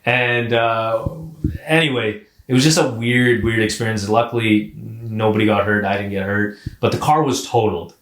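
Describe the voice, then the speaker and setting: A man co-hosting a podcast, telling a personal story in a casual, animated way, swearing and saying "like" often. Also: lowish voice, normal speed, roomy sound. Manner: animated, profane, repeats words and says "like" often. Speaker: podcast co-host.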